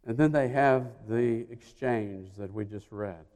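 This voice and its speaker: A man preaching a sermon, retelling a story and acting out the voices, swinging between loud and hushed. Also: medium pitch, measured pace. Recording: long hall reverb.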